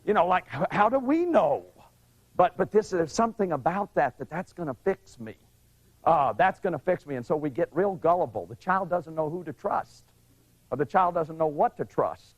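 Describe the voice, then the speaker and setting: A man's voice: a little high, expressive, moderate pace, highs cut off. A middle-aged man giving an earnest, confessional lecture on family therapy, often repeating his key phrases. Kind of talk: lecture to a live audience.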